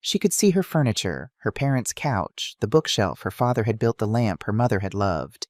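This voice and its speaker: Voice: medium pitch, very animated, moderate pace, dry recording, studio quality. A narrator reading a dramatic family story aloud in a scripted style.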